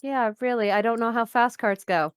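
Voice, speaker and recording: An upbeat woman with a higher voice asks questions as she plays a tabletop game. Her voice is dry and close. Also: moderate pace, clear, resonant tone, no echo. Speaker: player.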